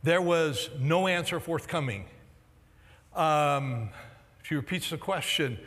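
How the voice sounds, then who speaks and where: Male pastor, raised pitch, animated sermon style, voice going hoarse, big reverberant sanctuary. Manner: animated, jokey storytelling with quick voice swings. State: losing his voice. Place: large church hall. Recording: long hall reverb in a church auditorium.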